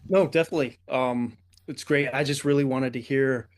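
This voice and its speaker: A man's voice: medium pitch, fairly even intonation, moderate pace. A man interviewing a screenwriter, eagerly asking about his ideas. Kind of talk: casual interview talk.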